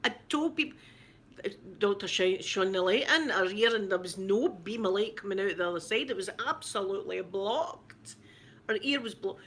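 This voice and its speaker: Scottish mum chatting to camera, bright clear voice, animated storytelling, lots of repeats. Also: female voice, medium pitch, moderate pace, slight background noise. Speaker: vlogger, mother. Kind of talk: casual chat to camera.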